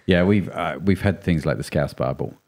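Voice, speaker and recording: A chatty man co-hosting a podcast, rambling and playful. His voice sits very low and sounds mellow and warm. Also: normal speed. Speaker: podcast co-host. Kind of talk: casual chat.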